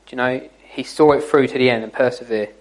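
A man's voice: medium pitch, steady tone, quick pace, low-quality recording. A man giving an informal, jokey church talk to young people, teasing his listeners as he goes. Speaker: youth speaker.

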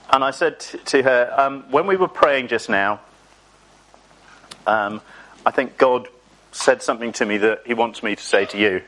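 A man preaching a sermon in a mid-pitched voice. He talks in a chatty, self-mocking way and draws out the words that matter. He tells the story from his own life. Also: a bit bright, rough recording.

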